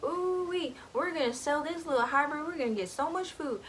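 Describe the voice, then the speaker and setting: A taunting, greedy hunter with a rural American country twang, his voice high and clipped, as a woman acts him out. He sneers through every line. It sounds like a casual book retelling, recorded with faint noise behind it. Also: fairly quick, fairly bright tone. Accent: rural American country accent, put on.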